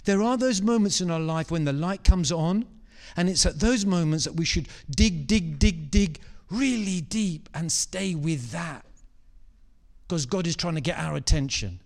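A man delivers a sermon in a high, unhurried voice. He is animated and drives his points home by repeating words and phrases. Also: creaky. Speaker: preacher.

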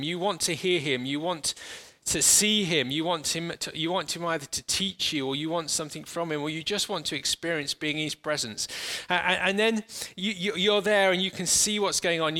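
During his sermon, a man walks listeners through a guided exercise in imagination. His slightly high voice is earnest and halting, full of restarts, turning slower and softer as he paints the imagery.

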